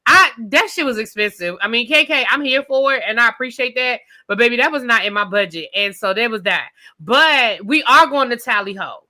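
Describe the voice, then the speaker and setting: A woman's voice: fairly high pitch, brisk, few pauses, pushed and bright. A woman on a live recap panel, talking bluntly and with sass. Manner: sassy, blunt, laughs often. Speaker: guest panelist. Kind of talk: casual live recap chat.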